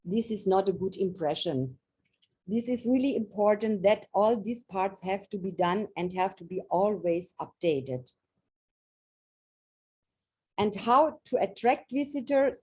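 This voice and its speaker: A woman's voice: medium pitch, expressive, a little slow, darkish tone, breathy edge. A woman from Germany, a native German speaker, giving a webinar presentation as a trade fair expert. She explains earnestly and often repeats or restarts her phrases.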